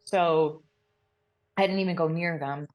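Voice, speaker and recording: Female podcast co-host, low voice, excitable casual storyteller. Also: a little slow. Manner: animated, breathless retelling with frequent laughs and fillers.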